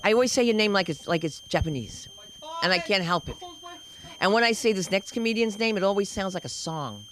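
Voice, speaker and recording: A woman's voice: mid-range voice, lively intonation, fairly quick, a little hiss or hum, poor audio. A woman co-hosting a comedy open mic on stage, rambling playfully and riffing on names before bringing up the next comic. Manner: rambling, playful, sing-song name riffs. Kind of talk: stand-up emcee banter.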